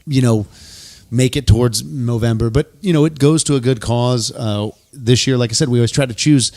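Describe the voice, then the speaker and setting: A man's voice: mid-range voice, normal speed, a little mellow, no room sound, studio quality. Fire dept spokesman guest, laid back, agrees a lot, trips over his words a bit. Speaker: fire department public information officer, guest. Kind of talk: casual podcast conversation.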